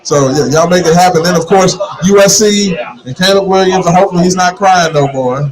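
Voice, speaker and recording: A middle-aged man hosting a casual sports talk show in a bar, animated and opinionated, repeating words when fired up. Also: high-pitched, fairly quick. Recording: live in a noisy bar crowd. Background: bar crowd chatter.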